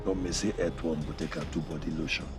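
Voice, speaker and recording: A man's voice: a bass voice, fairly even intonation, fast talker, over music. A man with a Nigerian accent playing a defiant department head in a TV drama, blunt and fond of Pidgin proverbs. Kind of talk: TV drama acting.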